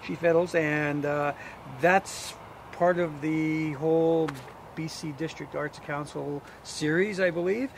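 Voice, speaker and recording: A man's voice: on the high side, steady tone, slow pace, slight background noise. A man from Winnipeg co-hosting a local events show outdoors in the cold, wisecracking with his partner. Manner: wisecracking, playful. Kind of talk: casual outdoor chat, reading event listings. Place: outdoors in cold winter by a road.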